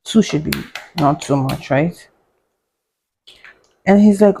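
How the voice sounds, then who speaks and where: A woman's voice: deep voice, slow, mellow, a little hiss or hum, low-quality recording. A young woman, a doctor, telling a story in a sarcastic, chatty way while she cooks, laughing and muttering to herself. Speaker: doctor and vlogger. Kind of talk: casual storytime chat while cooking.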